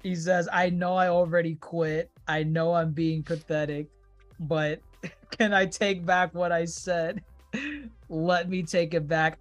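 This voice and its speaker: A man co-hosting a podcast, chatting casually and enthusiastically, quoting characters in a low mumble. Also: highs cut off. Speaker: podcast co-host.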